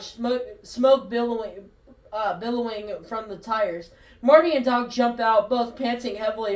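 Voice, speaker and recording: A woman's voice: a little high, a little mellow. A woman casually reading a comic script aloud, giggling and stumbling over words, in a roomy recording from a distance. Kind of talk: casual read-aloud storytelling. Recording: roomy echo, distant from mic.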